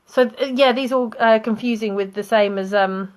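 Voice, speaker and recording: A young woman with a British accent teaching English vocabulary online, explaining slowly with examples and small laughs. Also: fairly high pitch.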